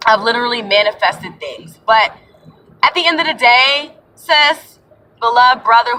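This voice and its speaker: A woman's voice: on the high side, sharp tone, recorded from a distance, slight background noise, low-quality recording. A young adult woman giving an earnest, rambling spiritual talk to her viewers, calling them y'all and sis. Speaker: spiritual vlogger. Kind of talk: casual spiritual talk to camera.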